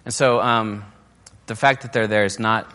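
A man's voice: fairly low pitch, steady tone, normal speed, sharp tone. Man preaching in a reverberant hall. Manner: casual and conversational, with fillers and restarts; acts out quoted criticisms in a raised, mocking voice. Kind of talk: conversational sermon.

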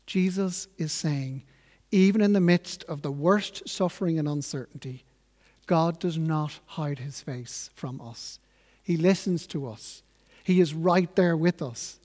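A man preaching a sermon in an earnest, measured, reflective way. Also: on the high side, darkish tone, in a large hall.

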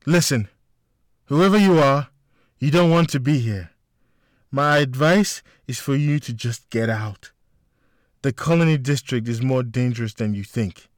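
A man's voice: medium pitch, unhurried, pauses often, dry recording, studio quality, close to an everyday voice. A man reading aloud voices a frightened female secretary who speaks in a shaky, urgent voice.

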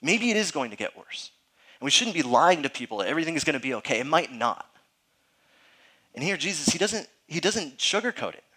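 A man's voice: a little high, sing-song, brisk, sharp tone, husky. A male pastor giving a conversational sermon, earnest and emphatic, often checking in with his listeners and talking informally. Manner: informal, frequent fillers and restarts.

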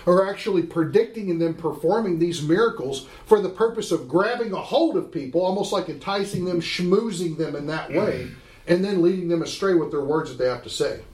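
A man's voice: sits high, animated, a little fast, a little mellow. A man teaching a Bible class, emphatic and often asking the class questions. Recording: roomy room echo.

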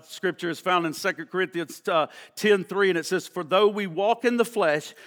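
A high, piercing male voice preaches with fervor, leaping from shouts down to hushed asides. He is a middle-aged pastor, and his words carry a long echo through a church hall. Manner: fervent, emphatic preaching that swings from shouts to hushed tones. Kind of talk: sermon.

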